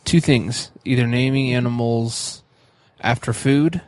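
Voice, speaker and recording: A man's voice: medium pitch, fairly even intonation, a little slow, darkish tone, dry recording. A man co-hosting a podcast in laid-back casual chat, cracking dry jokes with hesitant fillers. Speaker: podcast co-host.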